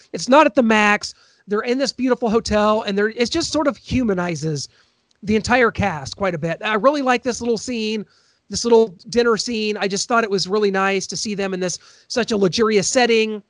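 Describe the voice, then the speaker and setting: A man with a high voice hosts a podcast in a chatty, laughing way, full of little ums. He sounds close to the mic in a dry space with no room echo. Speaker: podcast host. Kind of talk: casual chat recapping a TV episode.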